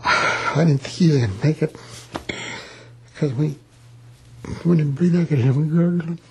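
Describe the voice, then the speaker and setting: A man's voice: on the high side, unhurried, gravelly, slight background noise. A man in his eighties, a war veteran, recalling his wartime days in a plain-spoken, rambling oral history. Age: 80s.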